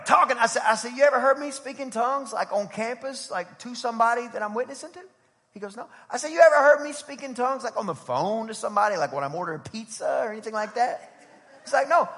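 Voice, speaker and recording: High gravelly preaching man in reverb. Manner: preaching with a loud build and storytelling asides. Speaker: pastor. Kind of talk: sermon. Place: church sanctuary.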